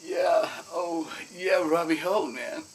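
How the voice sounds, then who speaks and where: A man's voice: a little high, takes it slowly, recorded from a distance, slight background noise. A man playing a giggly, laid-back stoner who drawls and keeps saying man. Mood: spaced-out. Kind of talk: mockumentary interview acting.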